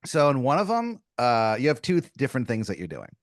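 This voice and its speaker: A man hosting an improvised comedy podcast, laying out a long scenario with halting restarts. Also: medium pitch, huge pitch swings, no echo, studio quality. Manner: rambling, hesitant setup full of restarts. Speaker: podcast host.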